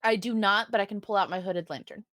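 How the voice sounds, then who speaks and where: A woman's voice: mid-range voice, fast talker, a bit bright, no echo, studio quality. A woman playing in a tabletop game, chatting playfully and laughing often. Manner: playful, giggly. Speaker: player.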